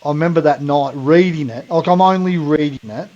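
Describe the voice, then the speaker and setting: A man's voice: fairly high pitch, a little fast, warm tone, highs cut off. An Australian man co-hosting a podcast, telling a rambling funny story in casual mate slang and laughing along. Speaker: podcast co-host.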